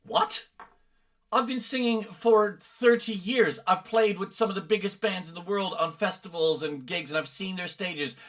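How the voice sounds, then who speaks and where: A man's voice: high-pitched, normal speed, few pauses, a bit bright. A middle-aged man from the UK, a vocal coach commenting on other coaches' videos with emphatic, exasperated explanations. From United Kingdom.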